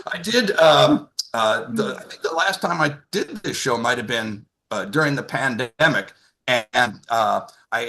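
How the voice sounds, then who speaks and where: Brief: sixties male comic, bright forceful tone, rambling anecdote style, video call mic. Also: mid-range voice. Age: 60s. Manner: rambling, lots of filler and restarts. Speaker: comedian. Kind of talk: stand-up storytelling on a video call.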